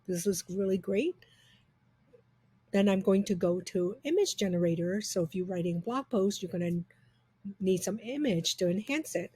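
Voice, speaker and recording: Woman, breathy voice, upbeat chatty software walkthrough. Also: medium pitch, animated, moderate pace, no echo. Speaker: software reviewer. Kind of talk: casual screen-recorded software demo.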